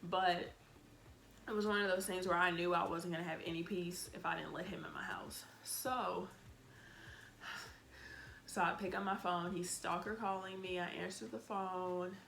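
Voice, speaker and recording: A woman's voice: fairly low pitch, normal speed, gravelly, slight background noise. A woman telling a storytime vlog in a blunt, exasperated way, cussing freely and acting out what she said back then. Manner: animated, acts out her own lines. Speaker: vlogger.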